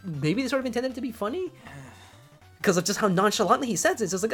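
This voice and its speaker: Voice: medium pitch, lively intonation, quick pace, husky, faint music behind. A podcast host recapping an episode in casual chat, rambling with many restarts.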